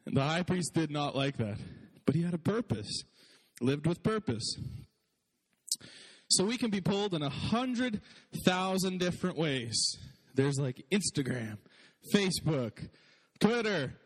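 A man's voice: on the high side, lively intonation, a little slow, pauses often, in a large hall. A man preaching a sermon in a casual, chatty way, often laughing and saying "like". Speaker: pastor.

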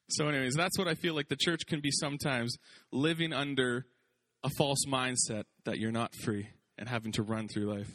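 A man preaching a sermon as pastor, lively and conversational, joking and acting out quotes. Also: a little high, normal speed.

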